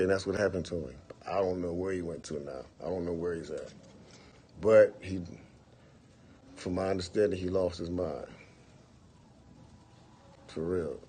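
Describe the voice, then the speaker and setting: His voice sits low with a darkish tone, and there's slight background noise. He's a livestream host on his phone, swapping stories with viewers in an easygoing, profane manner, frequently dropping "for real" and "you know what I'm saying."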